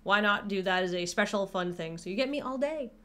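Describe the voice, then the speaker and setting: A woman's voice: mid-range voice, expressive, brisk, a bit bright. A woman hosting a casual stream, rambling and playful, giggling through improvised mock commercials. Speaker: stream host.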